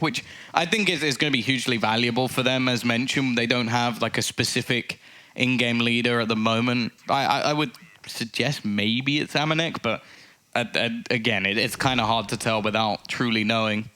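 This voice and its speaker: Bright-voiced man calling esports plays. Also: normal speed, clear, resonant tone. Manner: excitable, pitch jumps on big plays. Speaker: esports commentator. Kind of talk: live play-by-play commentary.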